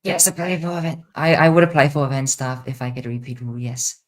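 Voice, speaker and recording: A woman's voice: extremely low pitch, flat delivery, quick pace. A young woman streamer hosting a casual Q&A, rambling and repeating herself with many fillers. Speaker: streamer host. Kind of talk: casual livestream Q&A.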